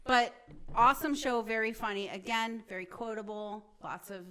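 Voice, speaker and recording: Upbeat woman with a smooth voice. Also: fairly high pitch, moderate pace, sharp tone. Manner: upbeat, enthusiastic recommendations. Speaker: podcast co-host. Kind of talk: casual chat reviewing shows.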